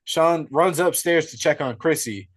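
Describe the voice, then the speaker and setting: A young man co-hosting a podcast, retelling a horror film in an excitable, profane, casual way. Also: a little high, measured pace. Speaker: podcast co-host. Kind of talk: casual movie recap.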